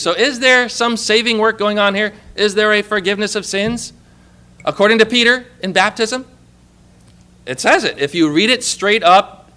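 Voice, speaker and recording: A man preaching a conversational sermon, asking his listeners questions and pressing his points with animated emphasis. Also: high-pitched.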